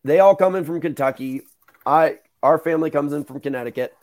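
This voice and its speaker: A young man hosting a podcast, telling stories in a casual, animated way, swearing and acting out the voices of the people in them. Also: fairly high pitch, brisk. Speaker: podcast host. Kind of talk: casual storytelling chat.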